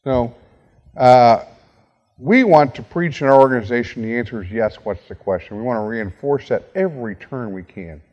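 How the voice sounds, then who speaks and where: A middle-aged man speaks to a university audience in a large hall, and a long reverb trails each phrase. His voice sits at an ordinary pitch. He tells his story with energy and acts out each exchange of dialogue. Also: moderate pace, dull audio. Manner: animated storyteller acting out quoted dialogue. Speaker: guest speaker.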